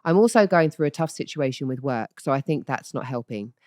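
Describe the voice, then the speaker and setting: A prim, posh-sounding woman reading a listener's letter aloud, every word carefully rounded and projected. A podcast host puts on this voice. Her tone is very deep and the sound is dry and close. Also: expressive, a little fast, darkish tone, dry recording. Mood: prim, earnest.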